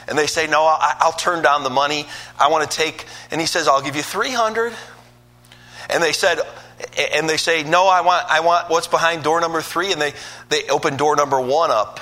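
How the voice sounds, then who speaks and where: A man preaching from the pulpit, his voice bright and forceful and pitched a little high. He tells stories with lively voiced asides and builds to emphatic peaks. He grew up in Michigan. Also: moderate pace. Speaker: pastor. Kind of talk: sermon.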